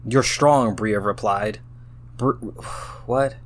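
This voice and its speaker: A man's voice: on the low side, extremely slow. A tipsy man reads an AI-written story aloud, breaking off into baffled exclamations. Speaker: host reading out an AI-written story. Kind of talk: casual reading aloud with running commentary.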